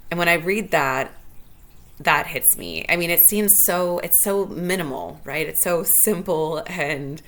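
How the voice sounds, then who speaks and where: Woman with a low voice just thinking out loud on her own show, heartfelt, sincere. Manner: earnest, heartfelt, thinking aloud. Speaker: podcast host. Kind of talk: solo reflective monologue.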